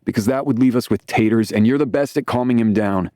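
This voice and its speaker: A man's voice: medium pitch, quick pace, mellow, no echo, studio quality, pitched above the performer's own voice, natural voice. A man voicing a friendly young hockey player who pleads earnestly. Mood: pleading.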